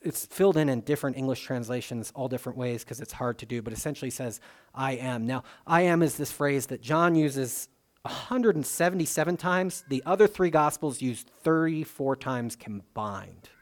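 Male pastor, mid-pitched, conversational sermon delivery with fillers and sudden emphasis. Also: normal speed. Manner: conversational, dynamic, with frequent fillers and restarts.

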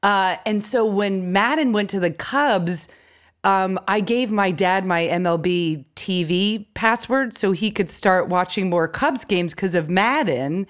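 A woman stand-up comedian chatting as a podcast guest, telling stories with quick asides and laughs. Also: medium pitch. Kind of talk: casual podcast chat.

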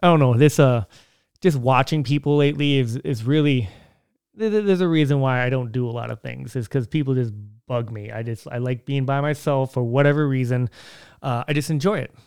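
A young man musing aloud on his podcast in a loose, meandering way, full of "uh" and restarts. His voice is smooth and resonant, and it sits dry and close to the mic. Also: medium pitch, fairly quick, a little mellow, no room sound. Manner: rambling, conversational, many fillers and restarts. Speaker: podcast host. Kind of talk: casual solo podcast monologue.

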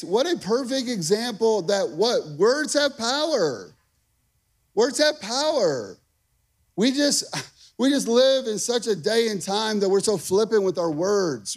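A man in his thirties, a pastor preaching a lively, conversational sermon, calling out to the congregation. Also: sits high. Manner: energetic, conversational preaching with call-and-response.

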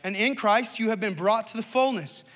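A male pastor in his thirties preaching a sermon, moving from storytelling to loud, rising exhortation. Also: high voice, moderate pace. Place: church stage.

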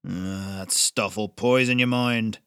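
A man voicing a stern old male blacksmith who talks in curt, rasping commands. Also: on the low side, steady tone, takes it slowly, fairly bright tone, dry recording, studio quality. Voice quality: rasping, growling.

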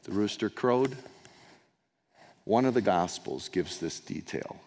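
A man's voice: fairly low pitch, expressive, takes it slowly, darkish tone. A male pastor preaching a sermon, telling the story in a conversational way with asides and acting out the quoted lines. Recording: long hall reverb.

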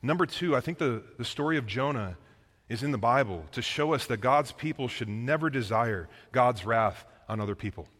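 Guy preaching, super animated and casual, bright forceful voice, long echo. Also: medium pitch, normal speed. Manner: animated, casual slang, emphatic. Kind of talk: sermon. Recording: long echoing reverb.

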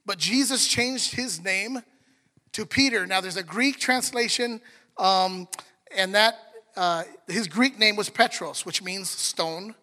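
Man, pastor, casual joking sermon, high bright voice, long church reverb. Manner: joking, conversational preaching with audience prompts. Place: church sanctuary.

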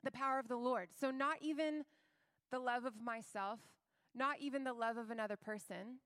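A young adult woman giving a conversational, earnest sermon about faith, with filler words and lively acted-out quotes. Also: fairly high pitch, moderate pace, no room sound, studio quality. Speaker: Christian speaker.

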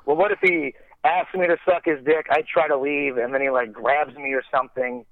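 A man telling a long story in a loose, rambling way, swearing often and laughing at himself. His voice sits a touch high. The sound is dry and tinny, like a phone call. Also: expressive, a little fast, creaky, no room sound. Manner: rambling, profane, self-deprecating, heavy use of "like". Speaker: podcast guest storyteller. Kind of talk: casual storytelling.

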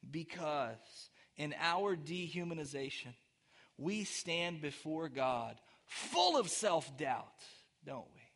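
A pastor delivers a sermon in a high-pitched male voice. He talks to the congregation in an easy, conversational way, asking them questions along the way. Then he climbs into emphatic, rising declarations. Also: a bit bright. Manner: dynamic preaching, rising to emphatic peaks.

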